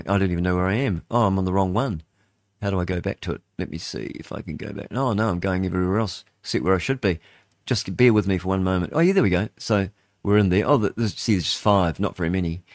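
An older radio host from New Zealand speaks in a lowish voice, recorded at studio quality with no room sound. His casual on-air monologue rambles, with many fillers and restarted sentences.

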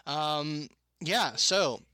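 A man's voice: fairly high pitch, lively intonation, drawn-out words, sharp tone, smooth, no echo. A man narrating as game master for a tabletop game, hesitant with many ums.

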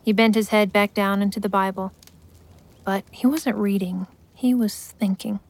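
A woman giving scripted story narration in a steady, measured way. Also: medium pitch, slight background noise.

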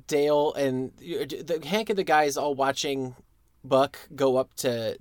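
A man's voice: mid-range voice, unhurried, darkish tone, clean tone, no echo, studio quality. A man co-hosting a podcast, laid-back and jokey, laughing often. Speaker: podcast co-host. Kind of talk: casual chat.

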